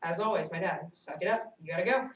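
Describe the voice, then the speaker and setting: A young adult woman giving a personal storytelling speech to a class, animated and self-mocking as she tells her stories. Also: lowish voice, fast talker. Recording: echoey room, distant mic, faint hiss.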